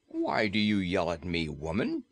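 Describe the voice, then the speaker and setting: A man's voice: low-pitched, huge pitch swings, unhurried, no echo, voice pushed down, full character voice. A man voicing a gloomy, surly large ferryman in an audiobook, speaking in a sullen, mournful way.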